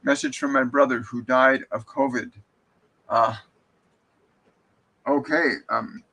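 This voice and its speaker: A man's voice: medium pitch, fairly bright tone, poor audio. A man hosting a live stream as a spiritual medium. He reads viewer comments aloud and answers them in an earnest, reassuring way, often restarting his sentences.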